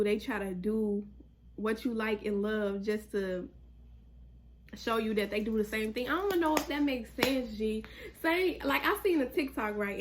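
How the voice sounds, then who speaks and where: A young woman vlogger tells a story in a casual chat to camera. She is animated and full of slang, and she swears freely. Her voice sits a little high.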